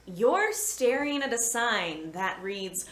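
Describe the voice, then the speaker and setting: A woman's voice: on the high side, expressive, slow pace, fairly bright tone. A woman reading a spooky book aloud to friends, playful and laughing between lines. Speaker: podcast guest reading aloud. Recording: echoey room with faint noise.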